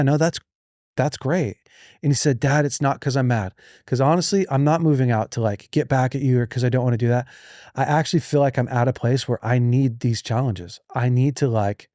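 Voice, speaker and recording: Animated man telling a family story on a podcast. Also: medium pitch, dry recording, studio quality. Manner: animated, acts out quoted voices. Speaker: podcast host. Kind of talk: casual storytelling chat.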